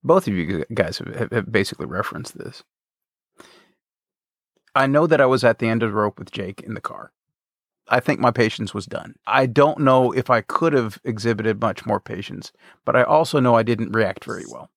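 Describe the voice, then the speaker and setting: A man's voice: lowish voice, moderate pace, gravelly, no echo, studio quality. A middle-aged man speaking reflectively and openly about his own parenting mistakes in a casual discussion. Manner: reflective, confessional.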